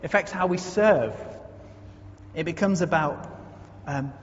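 A man's voice: on the high side, measured pace. Earnest male preacher in an echoey hall. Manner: earnest, storytelling, builds to emphatic repetition. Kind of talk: conversational sermon. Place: church. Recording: echoey muffled hall recording, faint noise.

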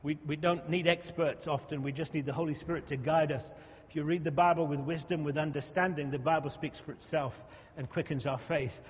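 A man's voice: a little high, fairly even intonation, fairly quick, few pauses, husky. A man preaching a sermon, talking conversationally with humorous asides to the congregation. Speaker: pastor. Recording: dull lo-fi sound in a reverberant hall.

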